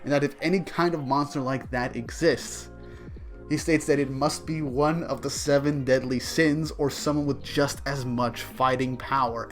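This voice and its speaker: A man casually recapping a manga chapter, speaking excitedly and speculatively, often restarting his sentences. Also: medium pitch. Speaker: manga reviewer.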